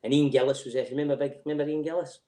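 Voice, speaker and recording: A man's voice: a little high, steady tone, racing, mellow, echoey room. A middle-aged Scottish man telling stories in casual chat, swearing freely and laughing through them. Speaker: podcast guest.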